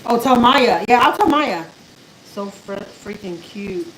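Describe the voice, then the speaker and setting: A woman's voice: mid-range voice, animated, slow, a bit bright, slight background noise, low-quality recording. A woman chats casually with viewers on a live stream while she cooks at home, talking to her pet and answering comments. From Houston, Texas. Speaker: vlogger doing a live stream. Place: home kitchen.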